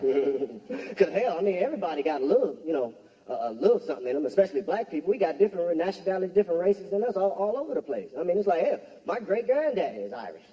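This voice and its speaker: A man from the United States doing stand-up comedy on a club stage, talking slowly with many fillers and pauses. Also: high-pitched, big pitch swings, warm tone. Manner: slow, hesitant delivery with many fillers. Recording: echoey hall with live audience.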